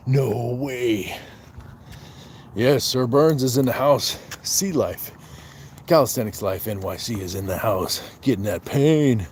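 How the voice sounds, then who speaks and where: A man's voice: mid-range voice, darkish tone, slight background noise. A man hosting a casual livestream. He jokes, greets viewers by name, reads out chat comments and counts his push-ups aloud. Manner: joking, talks to viewers by name. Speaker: livestream host.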